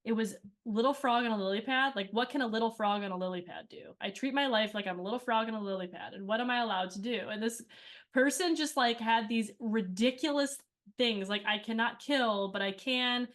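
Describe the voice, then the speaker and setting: A woman's voice: on the high side, fairly quick. A woman interviewed as a cast member, telling rambling stories in casual chat with many fillers.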